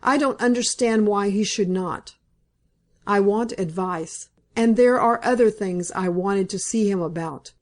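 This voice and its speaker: A woman's voice: medium pitch, unhurried, close to an everyday voice. A woman reading the part of a distraught young woman in a storybook, pleading doggedly and insistently.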